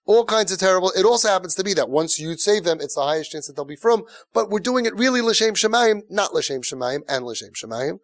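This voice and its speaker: A man gives a lecture to parents and coaches them. He speaks in an animated, emphatic way and often repeats himself for stress. His voice sits somewhat high, and the recording is dry and close. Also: dry recording.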